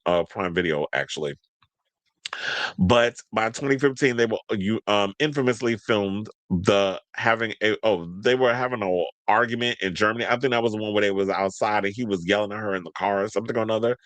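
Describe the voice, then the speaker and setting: Low-voiced sassy gossip show host man. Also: a bit bright, no echo. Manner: chatty and sassy, with slang asides. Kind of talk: casual commentary, reading news aloud.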